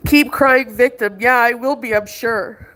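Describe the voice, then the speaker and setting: A woman's voice: fairly high pitch, fairly even intonation, a little slow, pushed and bright. A woman livestreaming in distress, pleading and accusing, tearful at times. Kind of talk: emotional livestream argument. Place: indoors, abroad.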